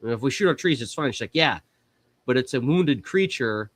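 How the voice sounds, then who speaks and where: A man hosting a podcast, telling a story in a casual, animated way and acting out the other people's lines. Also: medium pitch, normal speed. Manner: animated, acts out quoted voices. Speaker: podcast host.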